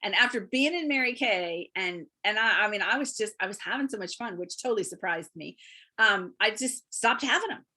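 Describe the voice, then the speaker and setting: A woman guest on a remote interview, telling lively stories about her work and laughing often as she talks. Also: mid-range voice, brisk. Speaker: guest, beauty consultant. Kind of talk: casual storytelling interview.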